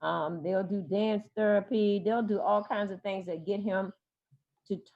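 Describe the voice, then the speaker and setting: A woman therapist talks as an interview guest at an average pitch, hesitating often, filling gaps with "um" and starting phrases over. Her voice comes through a dull, lo-fi recording. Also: steady tone, normal speed, creaky, darkish tone. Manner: hesitant, many fillers and restarts. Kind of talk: interview talk.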